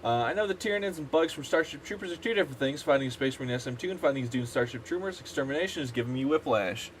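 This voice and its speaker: A man's voice: medium pitch, lively intonation, rapid-fire, slight background noise. Ranting, profane male streamer. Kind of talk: casual gaming stream chat.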